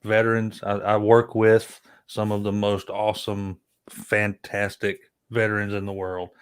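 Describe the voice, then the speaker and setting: A man's voice: lowish voice, monotone, measured pace, smooth. A man in a casual chat who talks bluntly and emphatically and swears freely. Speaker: guest co-host.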